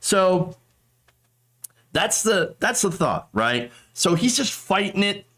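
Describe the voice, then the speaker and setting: A man's voice: high-pitched, very animated, slow pace, a bit bright. A man hosting a political commentary show, talking in a sarcastic, mocking way.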